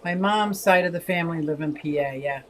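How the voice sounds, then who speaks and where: A woman over sixty from Pennsylvania, USA, hosts a casual livestream, chatting expressively as she reads viewer comments and often swaying between lively and soft. Her lowish voice moves fairly quickly, and the rough recording carries slight background noise.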